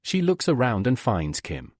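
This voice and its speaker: Brief: male recap narrator, husky, dry close sound, very lively pitch. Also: measured pace, dry recording. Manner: steady storytelling, reads all quotes. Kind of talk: scripted narration.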